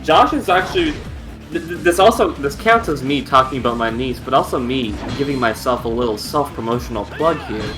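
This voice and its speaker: A young adult streamer chatting casually with friends, telling a long story full of "like" and acted-out quotes. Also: male voice, mid-range voice, lively intonation, a little fast, over music. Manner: rambling, full of "like", acts out quotes.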